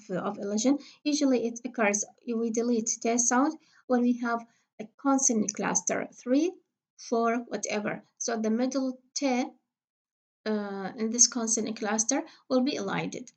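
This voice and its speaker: A woman's voice: fairly high pitch, darkish tone, dull audio. Patient woman teaching English pronunciation. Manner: patient, repeats example words slowly, frequent fillers. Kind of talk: recorded phonetics lecture.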